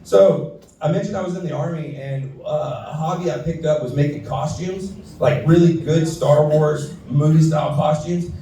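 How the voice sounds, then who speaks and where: Male comedian, profane storyteller, dark mellow voice, boomy echo, faint room noise. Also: normal speed. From Houston, Texas. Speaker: stand-up comedian. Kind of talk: stand-up set. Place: saloon stage. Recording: echoey room from far off.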